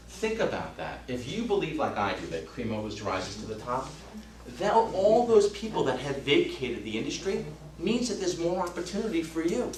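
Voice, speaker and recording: Energetic man in his fifties coaching a roomy training session. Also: fairly high pitch, normal speed. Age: 50s. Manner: energetic, emphatic, swings from loud to hushed. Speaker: real estate trainer. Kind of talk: motivational training talk. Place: training room. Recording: roomy, distant mic, faint hum.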